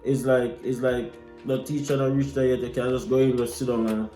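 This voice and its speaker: Young jamaican man, casual storytelling, mellow dark voice, echoey room, soft music behind. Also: mid-range voice, fairly quick. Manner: animated, mixes patois into his telling. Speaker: vlogger.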